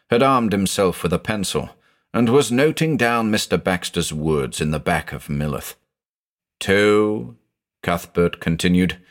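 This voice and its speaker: A male narrator with a very deep voice tells a scripted audio mystery, sweeping his pitch up and down with real drama. His delivery is expressive and suspenseful.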